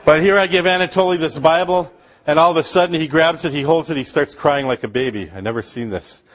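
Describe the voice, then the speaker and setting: A man's voice: on the high side, fast talker. A middle-aged man from Upper Michigan, a missionary speaker telling humorous stories to a congregation with asides and laughs. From Upper Michigan, USA.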